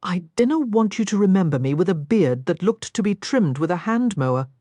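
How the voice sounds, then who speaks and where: A gently teasing Scottish man with a soft burr, as a woman narrator puts him on, his voice pitched low for her. The storybook lover's lines swing with a lively lilt and sit close and dry with no room around them. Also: brisk, no echo. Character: Scottish male whisky distiller, teasing lover.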